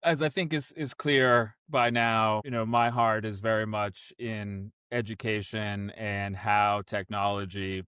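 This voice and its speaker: A man's voice: fairly low pitch, little pitch movement, a little slow, hardly any pauses, fairly bright tone, smooth, no room sound, clean studio sound. A man co-hosting a casual podcast chat, upbeat and earnest. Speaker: podcast co-host.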